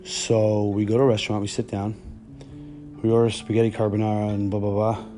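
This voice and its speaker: A man's voice: fairly low pitch, monotone, brisk, dark tone, faint music behind. A man hosting a podcast, telling stories in a casual, blunt and profane monologue. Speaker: podcast host.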